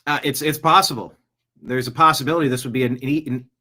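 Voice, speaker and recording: A man hosting his own news podcast, talking off the cuff. He rambles through restarts and asides, then drops in a joke. His voice sits at an ordinary middle pitch. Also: steady tone, fast, pushed and bright. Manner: rambling, jokey, slips into silly voices. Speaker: podcast host. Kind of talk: casual news commentary.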